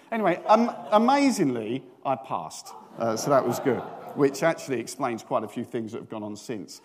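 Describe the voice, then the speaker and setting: A man's voice: fairly high pitch, lively intonation, quick pace. A middle-aged British man preaching a chatty storytelling sermon, self-mocking and asking the congregation questions. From Britain.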